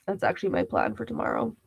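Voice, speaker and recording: A woman's voice: medium pitch, creaky, dark tone, slightly rough, no room sound. A young woman hosting a casual livestream, chatty and giggly, reading viewers' comments aloud. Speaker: livestream host.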